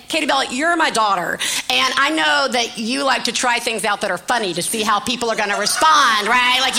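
A woman's voice: high voice, gravelly, pushed and bright. A woman hosting a live podcast, chatting through an anecdote and acting out quoted lines. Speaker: podcast host. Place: live stage before an audience.

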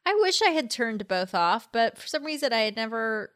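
A woman co-hosting a podcast, telling stories in an animated, conversational way with frequent "like". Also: fairly high pitch, normal speed. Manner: animated, laughing storyteller with frequent "like". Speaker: podcast co-host. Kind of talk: casual chat.

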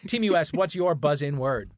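A man's voice: fairly high pitch, normal speed, no room sound, studio quality. A middle-aged American man hosting a comedy panel show, joking with teasing asides. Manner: wry, lively and teasing, with scripted asides. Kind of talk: quick comic banter, hosting a panel.

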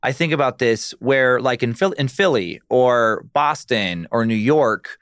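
Male podcast guest, animated, quotes people in voices; lively pitch, dry close mic. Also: unhurried, smooth, no echo. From Idaho. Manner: animated storyteller who acts out quotes. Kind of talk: casual chat.

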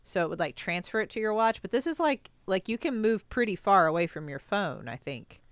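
A woman's voice: medium pitch, very animated, a little fast, dry recording. A woman co-hosting a casual chat podcast with her sisters, giggling and rambling as she trails off mid-thought. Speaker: podcast co-host.

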